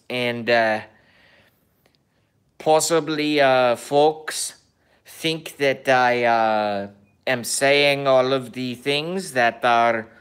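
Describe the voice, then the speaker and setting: A man putting on a mock Kazakh accent, playing a crude, bragging foreigner in slow, halting broken English. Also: mid-range voice, a bit bright, smooth. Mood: boastful. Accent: put-on mock Kazakh accent. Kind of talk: comedic impression in a vlog.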